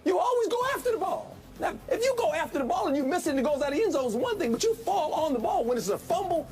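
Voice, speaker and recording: A man, a former football coach, giving animated, folksy analysis in a sports debate and hammering the same point again and again. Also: very high voice, rapid-fire.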